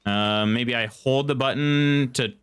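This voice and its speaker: Casual male streamer, mid-pitched, talks loosely to chat while playing. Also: a little slow, fairly bright tone, clear, resonant tone. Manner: chatty, reads chat aloud and muses while playing; reads in-game text aloud. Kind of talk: casual live gameplay commentary.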